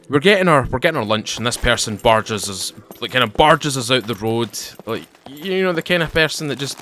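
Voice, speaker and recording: In a mid-range voice over some background noise, a young YouTuber rambles through a long tale while playing a survival game. He's talkative and lively, wandering off topic and cutting himself off to comment.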